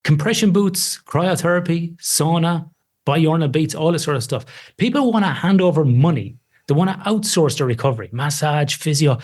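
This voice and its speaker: Animated, emphatic man talking sleep. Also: on the high side, normal speed. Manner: animated, emphatic, self-deprecating. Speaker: sleep researcher guest. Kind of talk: casual podcast conversation.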